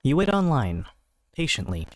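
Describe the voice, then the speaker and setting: A man running a tabletop game as game master, describing scenes in an unhurried way with many fillers. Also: fairly high pitch, very animated, no room sound, low-quality recording.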